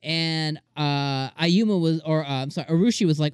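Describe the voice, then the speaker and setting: An eager channel host reviews an anime episode in loose, rambling chat, full of restarts and fillers. They act out the characters' lines in quick little voices along the way. The recording is close and dry, with no room sound. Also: mid-range voice, clean tone, no echo.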